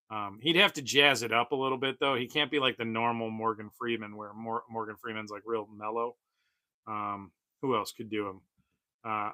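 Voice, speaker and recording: A man's voice: mid-range voice, bright, forceful tone, no echo. A man in his forties chatting casually on his own livestream, rambling with lots of fillers and frequent chuckles. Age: 40s. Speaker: toy collector streamer.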